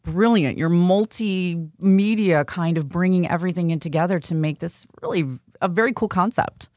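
A woman interview host with a fairly low voice, asking questions and cheering her guest on with enthusiastic praise. The sound is dry, with no room echo. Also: moderate pace. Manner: enthusiastic, warmly encouraging interviewer.

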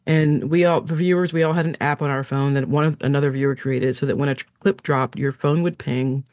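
A woman who is an author and musician, telling stories as an interview guest in an animated, chatty way with frequent laughter. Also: sits low, fairly quick, no echo, studio quality.

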